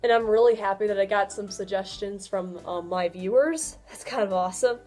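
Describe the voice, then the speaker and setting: A young woman giving casual advice in a vlog, chatty and laughing often, her pitch swinging up and down. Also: a little fast, a little mellow, faint music behind. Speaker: vlogger.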